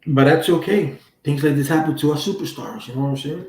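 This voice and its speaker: A man's voice: on the high side, fast, creaky, a little mellow, far from the mic, slight background noise. A man hosting a casual livestream, telling stories in loose, profane street slang from a room at home. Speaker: livestream host. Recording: roomy echo.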